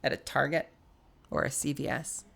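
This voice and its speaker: A woman's voice: rumbling low, normal speed, creaky, fairly bright tone. A young woman streaming live while sick and coughing, chatting casually and greeting viewers by name with frequent laughter.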